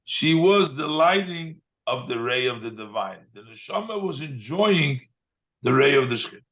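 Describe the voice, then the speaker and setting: A man, a rabbi, giving a text study lesson, reading Hebrew phrases aloud and then explaining them in English with frequent pauses and fillers. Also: mid-range voice, lively intonation, fairly bright tone, muffled recording. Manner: reads Hebrew lines then translates, with fillers.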